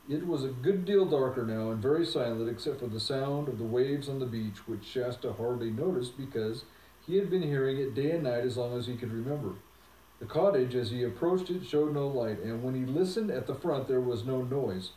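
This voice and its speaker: A man reads a children's novel aloud in a calm, even way. His tone is warm and mellow. The room sounds roomy and he sits back from the mic. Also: mid-range voice, fairly quick, far from the mic. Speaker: narrator. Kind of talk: audiobook reading of a novel.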